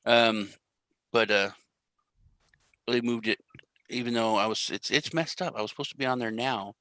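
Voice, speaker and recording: A man's voice: medium pitch, normal speed, pushed and bright, dry recording, poor audio. A young man hosting a casual crypto live stream, rambling and joking at his own expense. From US Central Time Zone. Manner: rambling, jokey, self-deprecating. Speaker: crypto show host.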